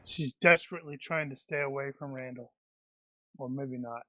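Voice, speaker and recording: A man's voice: medium pitch, normal speed, sharp tone, no echo. A man playing in a tabletop game, joking and teasing the others in casual chat. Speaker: player.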